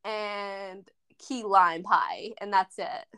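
A woman with a bright, clear voice co-hosts a casual movie podcast. She retells the plot in long stretches and slips into the characters' lines as she goes. Her talk is loose and chatty, full of filler words. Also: mid-range voice, steady tone, very slow. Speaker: podcast co-host. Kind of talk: casual movie review chat.

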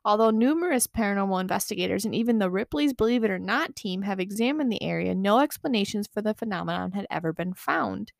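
A woman's voice: mid-range voice, lively intonation, quick pace, creaky, few pauses, dry recording, studio quality. A young woman from Michigan co-hosting a casual podcast, reading ghost stories, laughing often and swearing casually. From Michigan, USA. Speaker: podcast co-host.

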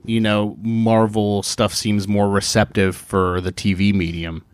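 A man with a lowish voice talks in a relaxed podcast chat, tossing out quick opinions between ums and likes. The sound is dry and close, with no room around it. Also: dry recording. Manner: chatty, quick opinions with fillers. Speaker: podcast co-host. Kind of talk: casual chat.

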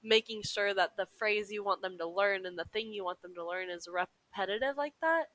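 A woman's voice: medium pitch, normal speed, a bit bright, rough recording. A woman co-hosting a casual podcast, bubbly and giggly, with many fillers. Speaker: podcast co-host. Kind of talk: casual chat.

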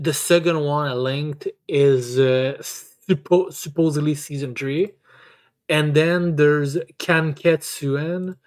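A man with a fairly high voice co-hosts a casual chat. He stumbles over his words, restarts often and drops frequent curses. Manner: stammering, repeats words, heavy swearing. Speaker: podcast co-host.

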